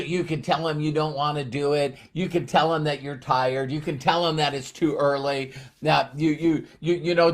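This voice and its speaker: Guy doing a live motivational stream, kinda high voice, rambles n restarts a lot, running on little sleep. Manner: rambling, repeats words, frequent restarts. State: short on sleep. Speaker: motivational speaker.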